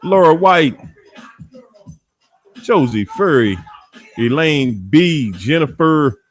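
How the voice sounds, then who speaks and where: A man with a D.C. African American accent hosts a casual livestream and greets viewers one by one. His pitch swings animatedly while his delivery stays slow and easy, and faint music plays underneath. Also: lively intonation. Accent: African American English from Washington, D.C. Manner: playful, greets viewers by name, laughs often. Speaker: livestream host.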